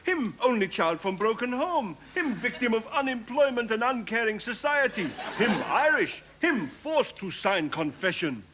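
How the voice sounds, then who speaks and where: An actor playing an earnest, politically correct Native American sidekick who speaks in clipped broken English. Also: male voice, very high voice, big pitch swings, a little slow, few pauses, bright, forceful tone, slight background noise, exaggerated voice. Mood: preachy. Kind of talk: sketch comedy acting.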